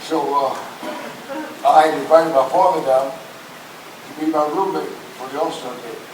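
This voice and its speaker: Older male storyteller, chuckles, mimics others; somewhat higher voice, roomy, far off, hissy. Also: a little slow. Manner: chuckling, acts out quoted voices. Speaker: former player. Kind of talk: anecdotal storytelling. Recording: distant echoey hissy recording.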